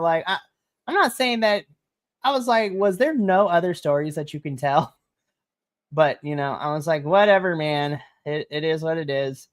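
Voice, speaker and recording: A woman's voice: deep voice, normal speed. A woman co-hosting a wrestling podcast, recapping the show in casual chat and acting out the characters' lines. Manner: animated, laughs often, acts out characters in quotes.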